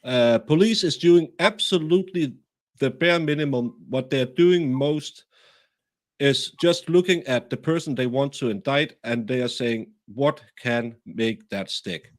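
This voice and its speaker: A man hosting a livestream, reading viewer comments aloud and halting often as he searches for words. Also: on the high side. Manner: halting, many fillers and restarts. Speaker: host.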